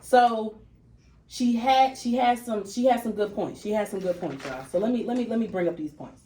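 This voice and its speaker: A woman hosting a casual podcast chat, animated and repeating phrases for emphasis. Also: fairly high pitch, moderate pace. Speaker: podcast host. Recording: echoey room with faint noise.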